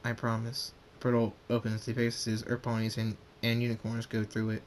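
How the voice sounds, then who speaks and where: A man reading his own fan story aloud, halting and restarting often. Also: fairly low pitch, monotone, a little mellow, slight background noise.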